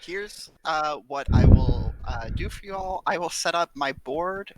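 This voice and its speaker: Giggly slow-talking man on a call. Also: on the high side, very noisy. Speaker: board game player. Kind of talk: casual chat over a voice call.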